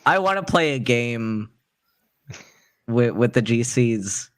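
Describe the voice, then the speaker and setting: A man's voice: mid-range voice, animated, takes it slowly, smooth. A man from Wisconsin telling rambling, self-interrupting stories in a casual group chat.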